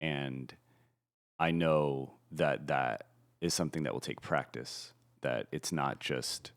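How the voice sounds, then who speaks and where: Man with a really deep voice talking earnestly about himself on a podcast. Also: slow. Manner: earnest, self-reflective. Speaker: podcast guest, co-parent. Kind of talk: candid conversational podcast talk.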